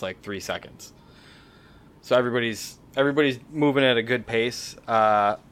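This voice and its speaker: In a relaxed podcast chat, a male co-host describes a game he found, rambling slightly with fillers and corrections of himself. His voice is mid-range and a bit bright.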